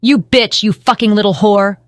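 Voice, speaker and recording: A woman's voice: medium pitch, moderate pace, smooth, dry recording, clean studio sound, natural voice. A woman narrator voicing a cruel, snarling male beast in an audiobook. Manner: snarling, ranting.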